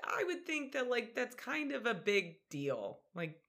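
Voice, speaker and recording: A woman's voice: a little high, sing-song, measured pace, a bit bright. A woman co-hosting a podcast, reacting to the story with jokes and sarcastic asides. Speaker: podcast co-host. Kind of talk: casual podcast chat.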